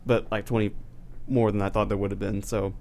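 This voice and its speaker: A man's voice: on the low side, level tone, fairly quick, darkish tone, a little hiss or hum. A young man co-hosting a podcast, rambling casually and laughing often. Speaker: podcast co-host. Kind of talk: casual chat.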